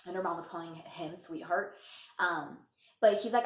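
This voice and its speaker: A young woman vlogger telling a work story in casual chat, laughing often and filling pauses. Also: on the low side. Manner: chatty, laughs often, lots of fillers. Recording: echoey room.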